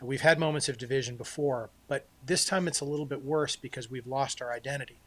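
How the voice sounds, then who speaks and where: Slow, measured man. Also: mid-range voice, fairly even intonation. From United States. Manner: slow, measured, thinking aloud. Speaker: guest author. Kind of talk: casual interview.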